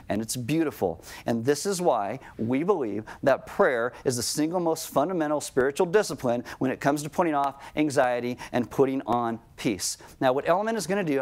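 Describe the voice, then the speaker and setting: A middle-aged man preaching a sermon to his congregation in a conversational tone, slowing right down on key lines. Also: mid-range voice. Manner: conversational preaching, slows down for emphasis. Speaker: pastor.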